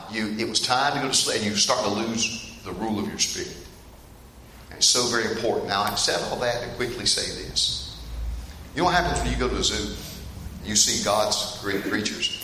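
A middle-aged man preaching a sermon in a church, talking straight to the congregation and telling stories in an animated way that gets him laughing. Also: fairly low pitch. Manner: storytelling, animated and laughing at funny parts; addresses the congregation directly. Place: church hall. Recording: echoey hall with faint room noise.

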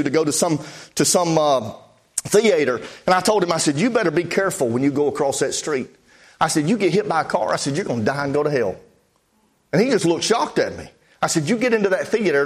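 A man preaching, telling a testimony story in a folksy way with many "I said" asides. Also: on the high side. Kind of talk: storytelling sermon.

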